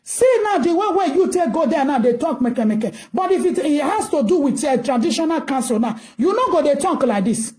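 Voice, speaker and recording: A woman's voice: sits high, animated, a little fast, few pauses, darkish tone. A Nigerian woman giving ranting commentary, scolding and asking rhetorical questions in a mix of English and Pidgin.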